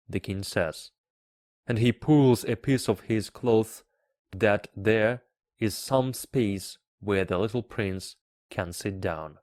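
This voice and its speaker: A man teaching English by reading a children's book aloud, carefully and deliberately. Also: on the low side, a little mellow, no room sound, clean studio sound. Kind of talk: slow read-aloud for learners.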